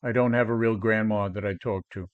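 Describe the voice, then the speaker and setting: His fairly low voice is steady, brisk, and smooth but comes through narrow, tinny audio. A man in his seventies, he coaches traders on a live stream, brash and combative as he talks back to chat.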